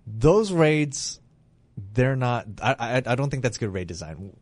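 A man's voice: mid-range voice, very animated, measured pace. A man hosting a casual gaming podcast, talking enthusiastically and rambling with restarts. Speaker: podcast host.

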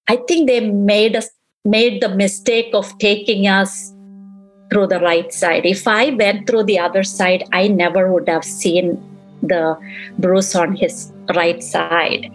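A grieving middle-aged mother tells her story at an unhurried, measured pace. Her voice sits at an ordinary pitch for a woman. She often slips into quoting what others said to her as the painful account unfolds. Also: steady tone, faint music behind, poor audio. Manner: slow, emotional retelling, quoting others. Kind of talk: recounting events in an interview.

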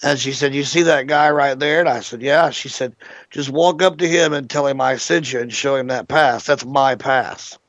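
A man's voice: mid-range voice, moderate pace, no room sound. Profane man telling a story on radio. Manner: profane, animated anecdote teller. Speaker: internet radio show host. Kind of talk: casual storytelling chat. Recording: dull lo-fi internet radio audio.

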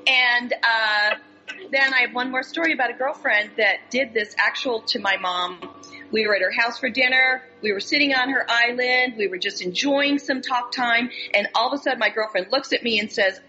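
Bright, chatty older woman. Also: fairly high pitch, moderate pace, highs cut off, soft background music. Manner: chatty, self-mocking. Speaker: podcast co-host. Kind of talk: casual chat.

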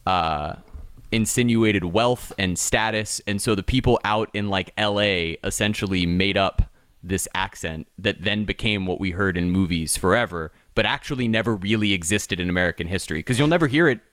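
A man's voice: on the low side, moderate pace, a bit bright, no room sound, clean studio sound. A young man co-hosting a podcast in casual chat, rambling with lots of restarts and fillers. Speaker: podcast co-host.

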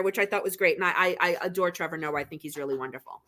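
Bright, gushing woman podcast co-host. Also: lowish voice, racing, few pauses. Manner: gushing, enthusiastic. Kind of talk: casual awards recap chat.

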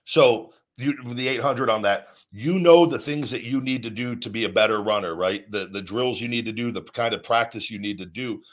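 A man's voice: mid-range voice, normal speed, few pauses. A man hosting a podcast and talking earnestly about work and confidence, rambling with many restarts. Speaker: podcast host, former wrestler. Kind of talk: motivational podcast talk.

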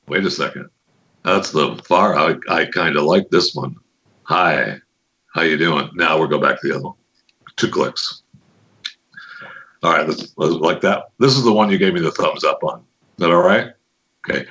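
A man's voice: sits low, moderate pace, pauses often, fairly bright tone, highs cut off. A man hosting a podcast in casual, jokey, rambling chat, testing his microphone on air. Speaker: podcast host. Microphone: studio podcast microphone with adjustable settings.

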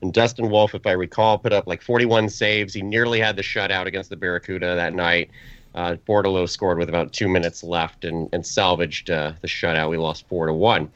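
Man, podcast co-host, rambling storyteller, self-amused, low voice, dull lo-fi sound. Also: little pitch movement, brisk, a bit bright, dry recording. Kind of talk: casual podcast chat. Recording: dull lo-fi, dry.

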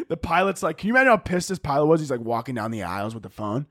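Lively, profane male podcast ranter. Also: medium pitch, no echo, studio quality. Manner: profane, exasperated, mock-outraged. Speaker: podcast host. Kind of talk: solo comedic podcast rant.

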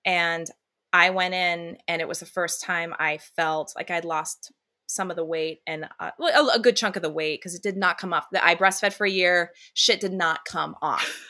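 A woman, a musical theater actress, chatting as a guest in a casual interview and telling candid, animated stories while swearing freely. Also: fairly low pitch, normal speed.

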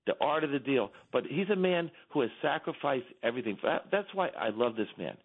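Middle-aged man phoning in, fervent and repetitive, tinny phone-line sound, mid-pitched. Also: animated, a little fast. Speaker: phone-in guest. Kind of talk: impassioned political commentary.

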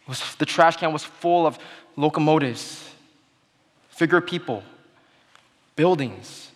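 A young man giving a sermon-style talk, telling a childhood story in an earnest way that goes quiet at the sad moments. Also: on the high side, takes it slowly. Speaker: speaker giving a Christmas message. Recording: long hall reverb.

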